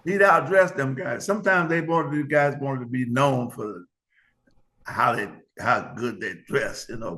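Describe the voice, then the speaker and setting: An older man in a relaxed interview, reminiscing haltingly. His voice is gravelly, and he speaks very slowly. He often restarts and repeats his words. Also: mid-range voice. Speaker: guest. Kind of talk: casual interview chat.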